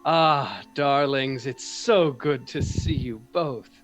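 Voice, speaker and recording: Man doing a flamboyant aristocratic gentleman. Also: mid-range voice, slow, faint music behind. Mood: grand. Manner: grand and theatrical.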